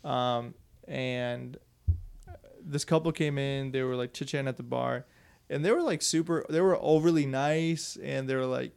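A man's voice: mid-range voice, moderate pace, vocal fry, darkish tone, clear, resonant tone. A young man telling a story on a podcast in a loose, profane way, laughing often. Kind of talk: casual storytelling chat.

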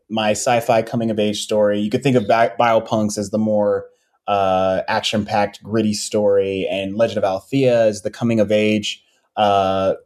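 A man, a comics creator being interviewed, talking casually about his books with many pauses and restarts. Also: fairly low pitch. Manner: relaxed, many ums and restarts.

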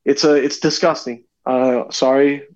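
Male guest, mid-pitch, animated storyteller, slightly dull call audio. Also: a little slow. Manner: animated storyteller, acts out voices. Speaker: podcast guest. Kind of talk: casual chat.

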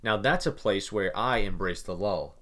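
A young man co-hosting a casual talk show, rambling and repeating words as he thinks out loud. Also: fairly low pitch, normal speed. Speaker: podcast co-host. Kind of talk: casual chat.

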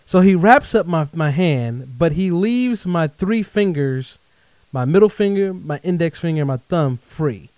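A middle-aged man telling a true story in a lively monologue, speaking directly to his listeners. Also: on the high side, measured pace, no echo. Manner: animated, addresses audience directly as folks.

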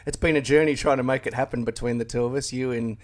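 A man's voice: mid-range voice, fairly even intonation, a little mellow. Laughing Australian man on a call. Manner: laughs often, self-deprecating, halting restarts. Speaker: guest, YouTube channel creator. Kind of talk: casual interview over a call. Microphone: remote call.

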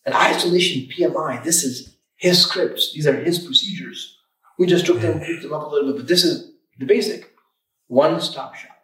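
A man who owns an auto repair shop, talking in an energetic, emphatic way on a podcast and often repeating words. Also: a little high, normal speed, echoey room, recorded from a distance, rough recording. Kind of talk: casual podcast chat. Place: room, recording a podcast.

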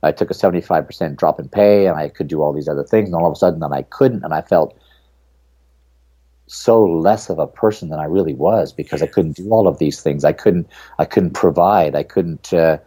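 A man's voice: a bass voice, a little fast, mellow. A middle-aged man, an author and guest, speaking earnestly and reflectively in an interview. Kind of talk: podcast interview.

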